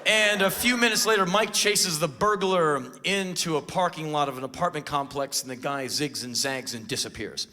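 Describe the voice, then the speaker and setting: A man in his forties from the United States telling a comic story live on stage in a loud, punchy way. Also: on the high side, moderate pace, few pauses. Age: 40s. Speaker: spoken word performer.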